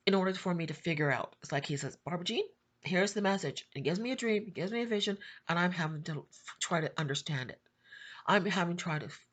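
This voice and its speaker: A middle-aged woman speaks with a lowish voice as she pours out an emotional personal testimony. Her delivery is impassioned and repetitive, and she often climbs to high, pleading cries. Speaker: Christian YouTube prophetic channel host.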